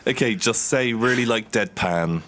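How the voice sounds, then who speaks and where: A man's voice: medium pitch, normal speed, fairly bright tone. A man co-hosting a gaming video, rambling through a made-up story with lots of fillers. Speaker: let's play co-host. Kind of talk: casual gaming chat.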